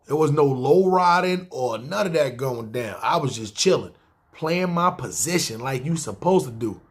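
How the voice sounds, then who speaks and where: A man's voice: mid-range voice, expressive, normal speed. A man in his thirties with a New York accent, telling a long personal story in slangy casual talk and often checking in with the listener. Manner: slangy street talk, keeps asking "see what I'm saying". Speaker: storyteller host.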